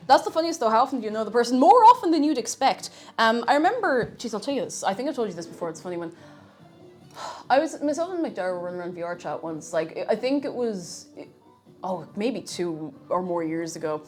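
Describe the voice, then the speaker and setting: A woman's voice: mid-range voice, big pitch swings, brisk, faint music behind. A woman with an Irish accent chatting casually on a live stream while cooking, reading chat aloud and laughing often. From Ireland.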